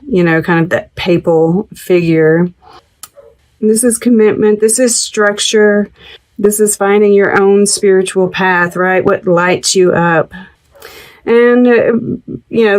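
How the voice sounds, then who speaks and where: A woman reading tarot cards in a casual, rambling way, peppering her talk with "right?" and "you know" and laughing easily. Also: medium pitch. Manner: meandering, many fillers and "right?" asides. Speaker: tarot reader. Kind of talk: casual tarot reading with read-aloud card text.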